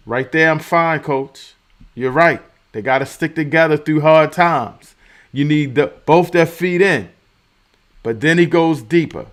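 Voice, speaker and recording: A man's voice: a little high, measured pace, fairly bright tone. A man hosting his own commentary show, talking casually and repeating key phrases for emphasis. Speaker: host of a commentary channel.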